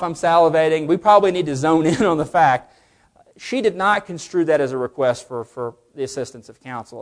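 A man teaching a class on legal cases, often putting questions to the room and answering them himself. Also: fairly high pitch. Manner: animated, asks the class questions. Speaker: legal instructor. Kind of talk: lecture to a class.

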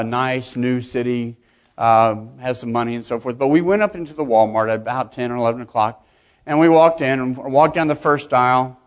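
A middle-aged man, a municipal judge, giving a conversational conference speech to fellow judges, often repeating and restarting words. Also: mid-range voice. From Texas.

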